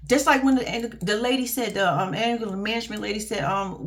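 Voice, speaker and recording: A woman giving a casual, profane and animated reaction vlog about a reality TV show, speaking. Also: a little high, fairly quick. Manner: blunt, profane, animated and laughing. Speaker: reality TV commentator.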